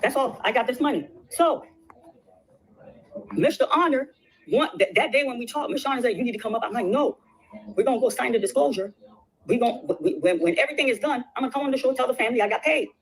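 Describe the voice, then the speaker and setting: A woman telling her side of a settlement story, rushing excitedly and repeating phrases. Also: a little high, rough recording. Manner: rapid and excitable, repeats herself. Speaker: guest recounting a legal settlement. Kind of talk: casual storytelling on a stream.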